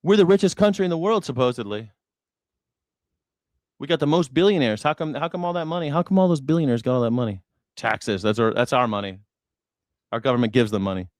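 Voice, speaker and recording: Speaking quickly in a mid-range voice with frequent pauses, this man runs a news reaction stream full of profane, sarcastic arguing with his chat. It's heated political commentary, recorded cleanly in a studio without echo.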